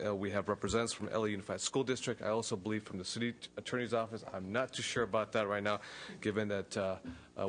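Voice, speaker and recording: A man's voice: on the low side, fairly bright tone, a little hiss or hum. A man presenting a bill to a legislative committee, out of breath and earnest, with frequent fillers and restarts. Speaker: state assemblyman presenting a bill. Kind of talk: formal legislative testimony. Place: legislative committee hearing room.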